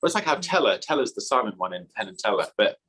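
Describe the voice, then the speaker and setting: An English man speaks in a low, husky voice. He is a guest in a relaxed interview chat. He rambles, restarts his sentences and laughs now and then. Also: fast, low-quality recording. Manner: rambling, self-correcting, laughs often. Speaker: magician guest.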